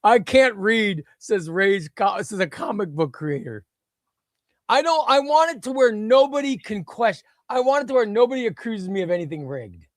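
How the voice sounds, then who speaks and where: A high, bouncy male voice that swings all over the place, hosting a comic book livestream. He talks in an excitable, flustered, self-deprecating way. The sound is dry and close, with no room around it. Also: normal speed, no room sound. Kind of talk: casual live stream chat.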